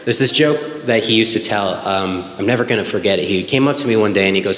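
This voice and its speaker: A man's voice: on the low side, fast talker, hardly any pauses, fairly bright tone. A young man telling a personal story on stage, conversational and wry, with lots of "like" and "um.". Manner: conversational, wry, many fillers like "like" and "um". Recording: roomy hall with faint room noise.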